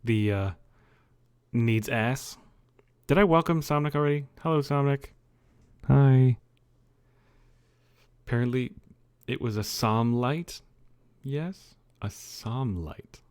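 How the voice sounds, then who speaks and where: A man's voice: mid-range voice, slow pace, pauses often, darkish tone, clean tone. A man livestreaming from his bedroom, chatting loosely with viewers, rambling, joking and swearing. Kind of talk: casual chat with viewers. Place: own dimly lit bedroom.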